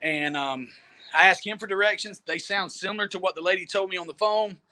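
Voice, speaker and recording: A man with a high, bright voice tells a long travel story in a loose, chatty way. He laughs easily and often repeats words as he goes. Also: fairly quick. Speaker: storyteller guest. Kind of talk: casual storytelling. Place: Jamaica.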